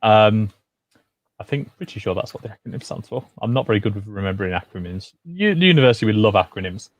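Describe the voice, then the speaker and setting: A man's voice: on the low side, expressive, quick pace, no room sound, highs cut off. A man with a Yorkshire accent hosting a university gaming stream in a casual, chatty way, hesitating often with fillers. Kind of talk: casual livestream chat.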